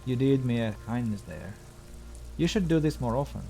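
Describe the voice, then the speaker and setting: A scarred, long-dead mercenary from a video game speaks in a soft, tender tone, as a man reads him out. The lines come out wistful and slightly mocking, at a middling pitch. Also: animated, moderate pace, vocal fry.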